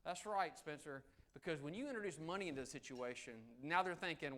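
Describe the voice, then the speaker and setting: A middle-aged man giving a live negotiation seminar, swinging between loud emphasis and soft, low asides. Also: expressive, a little fast. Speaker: negotiation speaker. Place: meeting room with audience.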